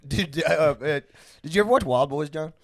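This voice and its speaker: A man's voice: a little high, a little fast. A man hosting a casual comedy podcast, telling rambling stories and laughing often. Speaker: podcast host.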